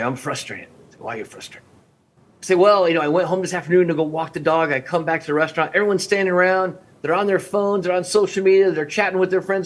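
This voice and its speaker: A man in his fifties, a restaurant coach, speaking as a guest on a podcast interview and acting out conversations with clients. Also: on the high side. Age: 50s. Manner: energetic, acts out phone-call dialogues with clients.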